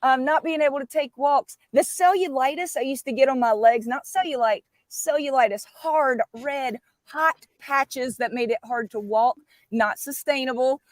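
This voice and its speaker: A woman's voice: high voice, normal speed, dry recording. Fired-up, emphatic middle-aged woman. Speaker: guest speaker. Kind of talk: enthusiastic live-stream chat.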